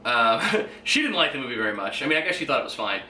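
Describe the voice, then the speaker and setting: Speaking fast with a medium-pitched, expressive voice and a sharp tone, a twenty-something podcast host rambles through a profane solo monologue full of fillers and chuckles. The recording has room echo and faint noise behind him.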